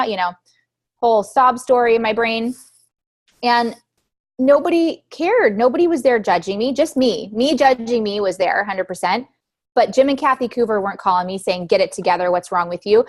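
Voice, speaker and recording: A woman in her thirties leading a motivational talk for her team on a group call, emphatic, repeating key phrases and asking her listeners questions. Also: fairly high pitch. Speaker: team leader giving a training recap.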